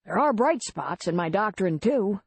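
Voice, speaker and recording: Calm matter-of-fact bar owner man, a woman reading him, gravelly and husky, dry sound. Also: mid-range voice, normal speed, dry recording. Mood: steady. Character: steady small-town bar owner man, plainspoken.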